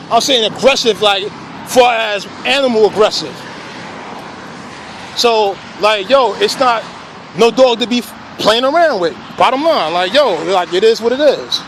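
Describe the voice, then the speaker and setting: A man's voice: high-pitched, a little slow, a bit bright, a little hiss or hum, rough recording. A man who breeds dogs, talking in a casual, emphatic rant full of profanity and repeated fillers. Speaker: dog breeder.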